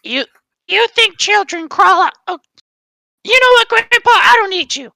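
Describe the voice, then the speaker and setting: A squeaky whiny little boy. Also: expressive, moderate pace, gravelly, sharp tone, dry recording, exaggerated voice, low-quality recording. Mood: exasperated. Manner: exasperated, scolding. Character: whiny young boy, a six-year-old grandson. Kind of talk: improvised comedy sketch.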